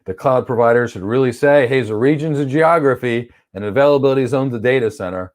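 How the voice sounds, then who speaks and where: A man runs a livestream lesson, answering viewer questions about cloud architecture in a blunt, opinionated way. His voice sits at a typical middle pitch for a man. He sometimes acts out quick examples in playful voices. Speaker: cloud certification instructor. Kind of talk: livestream Q&A teaching.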